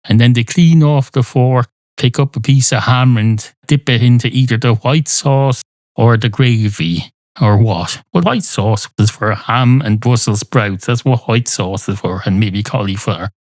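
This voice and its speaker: A man's voice: medium pitch, measured pace, a little mellow, no room sound. A man hosting a podcast, rambling through a mock-indignant comic monologue. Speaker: podcast host.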